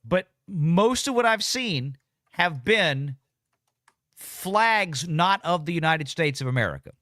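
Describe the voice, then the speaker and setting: A man's voice: on the high side, expressive, takes it slowly, pushed and bright, no echo, clean studio sound. A man hosting a live political talk stream, chatting casually with many restarts and easy laughs. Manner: rambling, frequent restarts, laughs easily.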